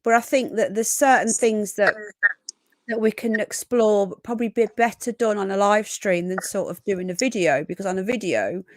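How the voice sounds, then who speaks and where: A woman's voice: medium pitch, moderate pace, no room sound. A woman hosting a casual live stream, chatty and affectionate as she greets viewers one by one.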